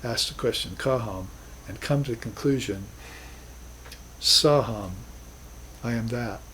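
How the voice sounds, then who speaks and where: A man's voice: medium pitch, a little slow, bright, forceful tone, slight background noise, poor audio. A man teaching a class on spiritual philosophy, talking in an earnest, reflective way with emphatic bursts. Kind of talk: recorded class lecture.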